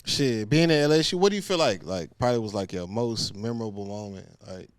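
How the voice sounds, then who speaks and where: A man co-hosting a podcast, asking relaxed, slangy questions in casual chat. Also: on the low side, fairly quick, smooth, dry recording, clean studio sound. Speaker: podcast co-host.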